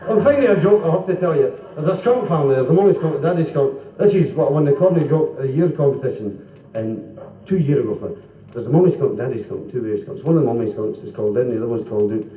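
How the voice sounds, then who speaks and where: A Scottish man telling quick jokes in a live stand-up set, slipping into comic voices and asides. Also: medium pitch. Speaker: stand-up comedian and singer. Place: club function room before a live audience. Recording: 1970s live club recording, roomy, dull, from far off.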